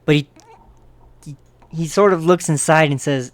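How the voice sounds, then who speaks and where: A man's voice: on the high side, fairly quick, pauses often, dry recording. A man casually narrating a manga chapter recap in a loose, chatty way, often tossing in "right?" to check in with his listeners.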